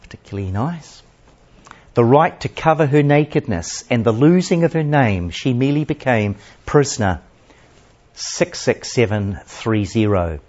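A male preacher delivers a sermon as a dramatic story, swinging between raised passages and hushed asides. His voice is husky and at an ordinary pitch. The recording is dull and lo-fi.

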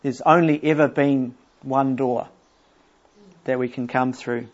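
A middle-aged man preaching a sermon, explaining scripture earnestly and reading verses aloud slowly. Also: medium pitch, fairly even intonation. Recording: dull lo-fi church recording.

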